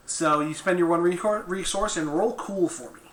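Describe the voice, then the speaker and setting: A man's voice: high voice, normal speed, fairly bright tone. A man running a tabletop game as game master, describing the action and patiently explaining the rules. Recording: roomy echo, faint noise.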